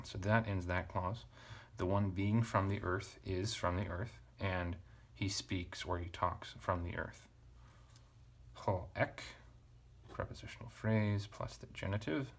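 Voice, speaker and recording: A man teaching ancient Greek grammar at a relaxed pace, thinking aloud and correcting himself with casual asides. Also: deep voice, vocal fry. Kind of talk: relaxed verse-by-verse parsing lesson.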